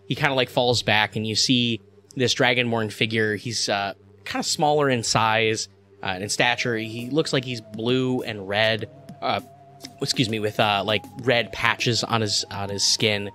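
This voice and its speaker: A man's voice: on the low side, fairly even intonation, unhurried, pushed and bright, faint music behind. A man narrating as game master, rambling with lots of filler words.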